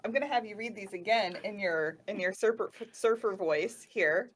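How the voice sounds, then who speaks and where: A woman's voice: mid-range voice, moderate pace. A woman presenting gameplay on a livestream, talking through what she does in a casual, upbeat way.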